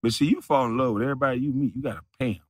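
A man's voice: medium pitch, rapid-fire, no echo, studio quality. A man who makes videos, delivering a mocking, profane rant at a rival, repeating taunts and breaking into laughter. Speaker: video creator.

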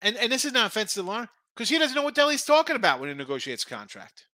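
High, bright-voiced betting show host. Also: male voice, big pitch swings, very fast, dry recording. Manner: rambling, opinionated, with frequent restarts. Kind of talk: casual sports betting talk.

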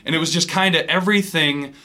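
Young man telling a lively story. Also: a little high, quick pace. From Wisconsin. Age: 20s. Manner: animated storyteller, acts out others' voices. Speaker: pro baseball pitcher, guest. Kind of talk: casual storytelling interview.

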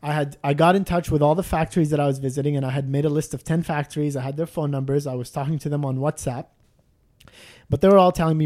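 A man's voice: fairly high pitch, fairly even intonation, fast, darkish tone. Rambling, joking man with a raised voice. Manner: rambling storyteller with frequent restarts and fillers; self-deprecating and jokey. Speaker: podcast guest telling a travel story. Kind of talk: casual chat.

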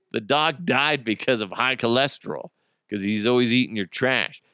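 A man's voice: mid-range voice, unhurried, pushed and bright, dry recording, studio quality. A man hosting a podcast, rambling through a casual comic monologue with lots of swearing and laughing at his own jokes. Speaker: podcast host.

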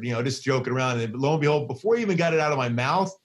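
Excitable man with a Philly accent. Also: mid-range voice, rapid-fire. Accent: Philadelphia. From Philadelphia. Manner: excitable storyteller, frequent restarts. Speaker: baseball broadcaster, guest. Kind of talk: casual interview chat.

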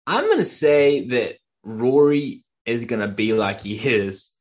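A man's voice: medium pitch, lively intonation, measured pace. A man co-hosting a casual podcast, making wry jokes with friends. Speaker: podcast co-host. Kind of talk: casual banter.

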